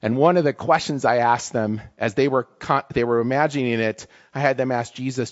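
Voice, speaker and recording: Emotional, chatty male campus minister preaching, mid-pitched, slightly muffled lo-fi sound. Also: moderate pace, hardly any pauses. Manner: emotional, conversational, frequent "right?" tags. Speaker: campus ministry staff speaker. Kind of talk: casual sermon talk.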